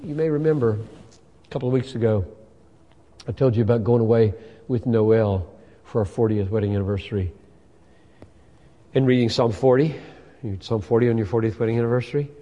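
A man in his sixties preaching a sermon. His delivery swings between loud emphatic bursts and soft asides. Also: medium pitch, fairly quick, pauses often, muffled recording. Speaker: pastor. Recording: long hall reverb.

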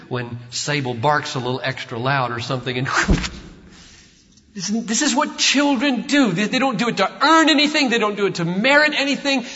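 Man preaching, high voice, dramatic hush-to-shout delivery, long hall reverb, dull lo-fi recording. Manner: dramatic swings from hushed to shouting; emphatic, repetitive preaching cadence. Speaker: pastor. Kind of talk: sermon.

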